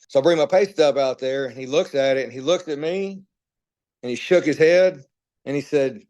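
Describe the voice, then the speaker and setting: A middle-aged man, a guest on an interview podcast, candidly telling long stories in a relaxed, rambling way and acting out quoted dialogue. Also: mid-range voice, a little fast.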